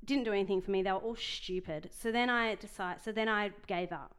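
A young woman chats casually as a podcast co-host. Her voice is smooth and clear at a middling pitch for a woman. She rambles through her stories, often breaking off mid-sentence and starting again. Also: a little fast. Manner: rambling, self-interrupting storyteller. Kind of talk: casual chat.

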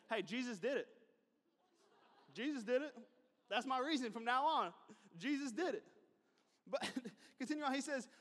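A man's voice: very high voice, expressive, moderate pace, long pauses, a bit bright. A man preaching a sermon as a pastor, talking in a conversational way with asides and repeated phrases. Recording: long hall reverb.

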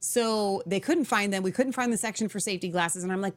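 A woman's voice: mid-range voice, fast talker, hardly any pauses. Woman earnestly recounting a dream. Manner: earnest, conversational, self-correcting as she recounts a dream. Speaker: show host. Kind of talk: casual storytelling.

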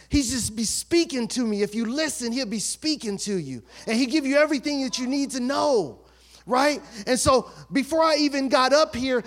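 A man preaching as a pastor, swinging between soft asides and shouted, emphatic peaks in a church. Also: extremely high pitch. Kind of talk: sermon. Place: church sanctuary.

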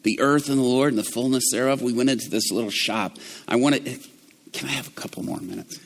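A middle-aged male preacher giving a sermon, moving from hushed, low storytelling to loud, fervent preaching. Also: brisk, vocal fry, long reverb tail.

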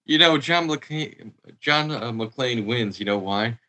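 A man on a comedy podcast panel, tossing out deadpan wisecracks. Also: mid-range voice, slow pace, a little hiss or hum. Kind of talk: casual comedic banter.

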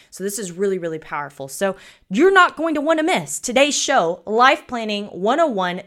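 A woman in her thirties hosts a podcast in a loose, conversational way. She chuckles as she tells stories, and her voice sits at a middling pitch. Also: fairly bright tone. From United States. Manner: chatty, chuckling, folksy. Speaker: podcast host. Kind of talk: casual podcast talk, storytelling.

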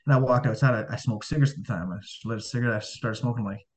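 A man's voice: mid-range voice, very fast, hardly any pauses. Rambling man telling his story. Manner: rambling, heavy on fillers, acts out quoted dialogue. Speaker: guest. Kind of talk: casual storytelling. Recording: dull lo-fi audio.

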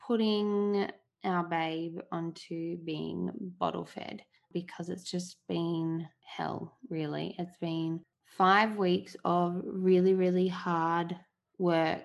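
Woman in her thirties, podcast host, low voice, candid heartfelt chat. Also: level tone, slow, vocal fry.

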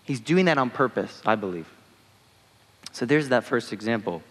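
Casual young preacher in an echoing hall. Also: male voice, mid-range voice, lively intonation, normal speed, a bit bright, husky. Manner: conversational, uses many fillers like "like" and "you know". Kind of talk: casual sermon. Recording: long hall reverb.

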